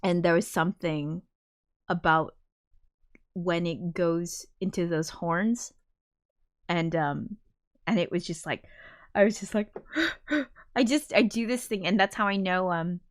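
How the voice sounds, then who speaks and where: A woman's voice: fairly low pitch, a little slow, long pauses, no echo, clean studio sound. A woman livestreamer chatting casually and emotionally, reading viewer comments, full of fillers and frank swearing. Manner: rambling and emotional, with many fillers and frequent swearing. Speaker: livestreamer and film composer.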